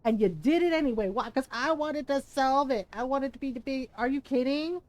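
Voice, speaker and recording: A woman's voice: high voice, a little fast, a little mellow. A woman streamer giving casual, profane, mock-outraged commentary while playing a video game.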